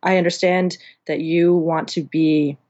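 A woman's voice: lowish voice, fairly even intonation, unhurried, a little mellow, lo-fi sound, a little hiss or hum. A woman being interviewed about audiobook engineering, talking in a chatty, rambling way with many restarts. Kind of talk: casual interview chat.

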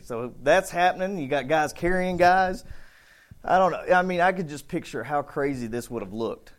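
A man preaching a casual, conversational sermon, acting out bits of the story with shouts and voices. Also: on the high side, lively intonation, moderate pace. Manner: conversational, thinks aloud with restarts. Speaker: pastor.

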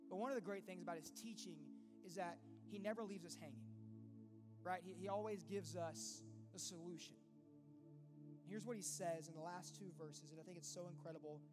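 A pastor preaching a sermon in an earnest, conversational way, full of rhetorical questions. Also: male voice, sits high, a little fast. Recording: long reverb with faint music behind.

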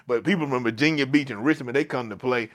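A man's voice: mid-range voice, quick pace. Man telling a long story on a podcast, restarts a lot, repeats himself, aave grammar. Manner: speaks in African American Vernacular English. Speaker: podcast guest. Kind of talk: casual storytelling conversation.

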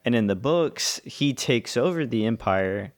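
A man's voice: medium pitch, lively intonation, measured pace. A man in a casual chat, explaining his views thoughtfully with many fillers.

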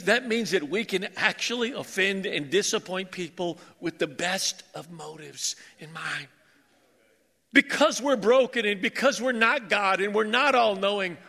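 A male pastor preaching a sermon, animated and joking with his congregation. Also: sits high. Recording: reverberant church hall.

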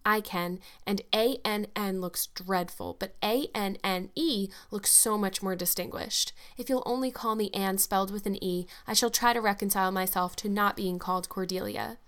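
Audiobook casting: a woman reading as a dreamy orphan girl of eleven, gushing and dramatic, pitched a little above the reader's own middle voice. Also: fairly even intonation, normal speed, hardly any pauses, a bit bright, close to an everyday voice. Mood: eager.

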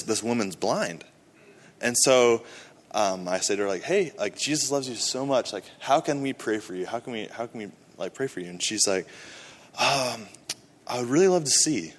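Chatty man telling a story in a hall. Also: medium pitch. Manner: animated storytelling with many fillers. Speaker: mission trip team member. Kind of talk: casual testimony to a church gathering.

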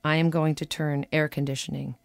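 A woman's voice: deep voice, level tone, a little fast, gravelly, no echo. A woman commentator reading her own wry personal essay in a conversational way, slipping into quoted dialogue.

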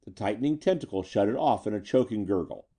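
A man narrating a pulp story in a measured, dramatic reading. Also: fairly low pitch, animated, warm tone, husky.

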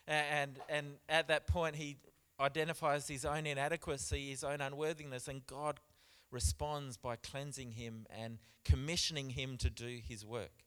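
A man preaching a sermon in church, stressing points with repeats and swinging between loud and soft. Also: medium pitch, smooth. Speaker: pastor.

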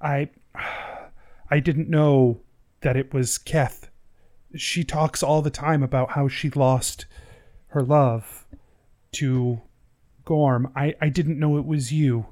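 A man's voice: mid-range voice, steady tone, takes it slowly, long pauses, darkish tone, lightly acted. A man voicing an earnest, flustered woman who apologizes hesitantly in a tabletop game. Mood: apologetic.

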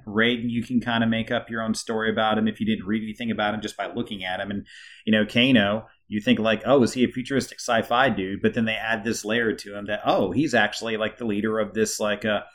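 A man's voice: fairly low pitch, little pitch movement, brisk, a bit bright. A man co-hosting a podcast, talking thoughtfully and hesitantly with many fillers. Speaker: podcast co-host. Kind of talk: casual chat.

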